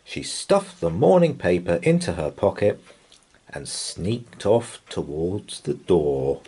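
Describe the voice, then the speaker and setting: Slow, expressive male bedtime storyteller. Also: low voice, breathy edge. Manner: expressive, soothing. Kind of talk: children's bedtime story read aloud.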